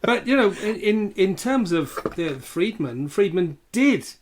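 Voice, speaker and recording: A man co-hosting a podcast, calmly recounting facts in casual chat. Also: high voice, a little slow. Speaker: podcast co-host.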